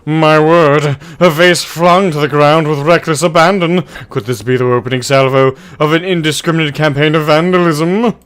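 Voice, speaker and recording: A man voicing a grandiose, self-assured gentleman adventurer for a game, declaiming in flowery, old-fashioned phrases. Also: fairly high pitch, steady tone, moderate pace, hardly any pauses, smooth, lightly acted. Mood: dramatic.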